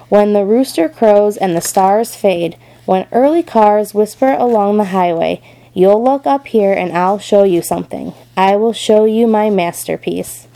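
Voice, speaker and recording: A gentle, wise spider from a storybook, voiced by a woman reading aloud. She speaks low and soothing, with a warm, mellow tone. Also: natural voice, low-quality recording. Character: wise, gentle female spider, calm and kind.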